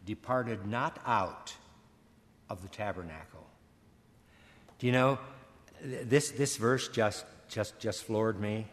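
An older man preaching a sermon, earnest, stammering and repeating words, slowing and swelling on key phrases. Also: mid-range voice, a bit bright. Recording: long hall reverb.

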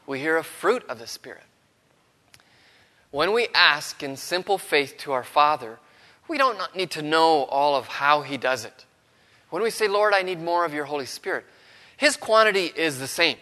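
A man preaching a sermon with a cold, earnest and dropping to a hush when he quotes. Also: on the high side, expressive, normal speed, big-room sound. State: has a cold, throat strained.

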